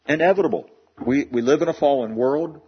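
A man's voice: a little high, a little fast, slightly rough, lo-fi sound. A man preaching a sermon in an earnest way, often repeating words as he builds a point. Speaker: pastor.

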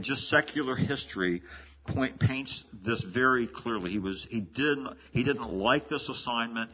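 This mid-range male voice belongs to a pastor teaching through an expository sermon in a conversational way, frequently restarting and repeating words partway through sentences. There's slight background noise on the muffled, lo-fi recording.

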